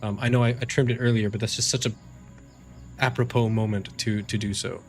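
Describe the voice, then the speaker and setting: A man's voice: fairly low pitch, steady tone, brisk, soft background music. A man narrating as game master of a tabletop game stream, casual and rambling with fillers and restarts.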